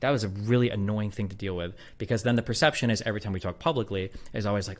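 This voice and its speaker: Speaking fast with barely a pause, a thirty-something man rambles to his stream viewers in a lowish voice with lively intonation. His casual monologue is packed with fillers and crude, blunt remarks.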